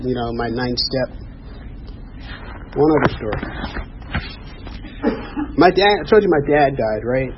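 A man giving a personal testimony at a recovery meeting, telling his story earnestly and acting out the dialogue. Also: medium pitch. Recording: dull lo-fi sound, faint hiss.

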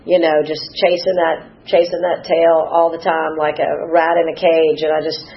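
A woman's voice: low voice, flat delivery, moderate pace. Brief: woman, 50s, emotional testimony, teary and rambling, lo-fi sound. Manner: emotional, rambling, acts out quoted dialogue. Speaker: recovery meeting speaker. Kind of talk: personal testimony.

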